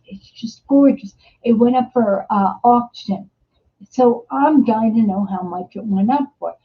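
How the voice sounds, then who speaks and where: A middle-aged woman hosts a live stream in a relaxed, casual way, with a voice that sits a little high for a woman. She tells stories with lots of energy, often repeating her words and tripping over her starts. The sound is dull and lo-fi, like typical stream audio. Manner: animated storyteller, laughs often, repeats words and stammers. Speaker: host of a live interactive show. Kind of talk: casual live-stream chat, reading viewer comments.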